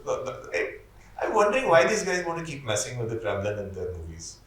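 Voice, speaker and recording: A man's voice: medium pitch, huge pitch swings, fast, fairly bright tone, recorded from a distance. A man hosting a podcast, chatting casually and teasing his guests with playful banter. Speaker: podcast host. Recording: very echoey room, voice off-mic.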